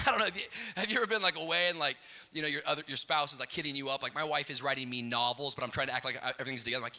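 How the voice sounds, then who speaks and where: Bright-voiced storytelling pastor in a hall. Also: male voice, on the high side, rapid-fire. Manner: storytelling, builds to shouted climaxes. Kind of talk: sermon with humorous story. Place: large church auditorium. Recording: hall reverb.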